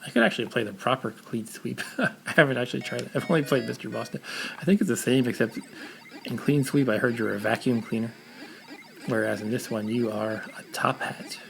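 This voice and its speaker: Gravelly New York man streaming games. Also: mid-range voice, brisk, slight background noise, rough recording. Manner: chatty, easygoing, thinks aloud as he plays. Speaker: retro game streamer. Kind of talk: casual live-stream commentary while playing.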